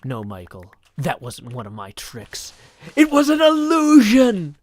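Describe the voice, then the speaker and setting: A man doing an impression of a showy, flustered male stage magician who shouts in indignant, theatrical outbursts. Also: high-pitched, wildly swooping pitch, unhurried, voice pushed up, heavily acted.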